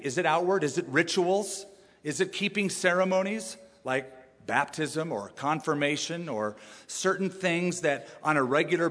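A man preaching a sermon as pastor, emphatic and animated, asking rhetorical questions and stressing his points. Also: fairly high pitch, in a large hall.

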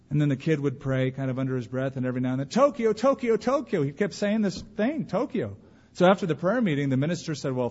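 A man's voice: mid-range voice, darkish tone, breathy edge. A man preaching a sermon as a pastor, telling stories and acting out the voices he quotes. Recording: dull audio with long hall reverb.

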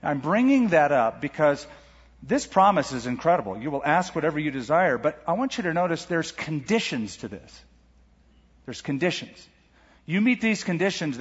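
A middle-aged man preaching a sermon as pastor, animated, asking rhetorical questions and reading scripture aloud. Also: a little high, husky. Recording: lo-fi church recording with long hall reverb.

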